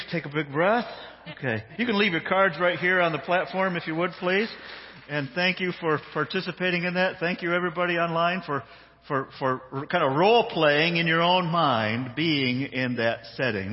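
A man preaching a sermon, acting out a Bible story with a playful, animated manner on a handheld mic in a church hall. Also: a little high, breathy edge. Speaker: pastor. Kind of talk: sermon with dramatized reading. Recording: dull sound, long hall reverb.

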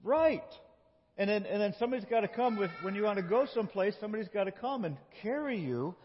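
A high-pitched male pastor talks quickly and animatedly with children, guiding them as they act out a scripture story during a playful sermon. A little background noise sits under the dull audio, recorded in a big, echoing church sanctuary.

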